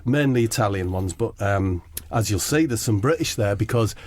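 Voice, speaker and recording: A man's voice: lowish voice, lively intonation, normal speed, darkish tone, no echo. Comedy co-host, male, conspiratorial rambling storyteller. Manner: conspiratorial, keeps checking in with "right?" and "yeah?".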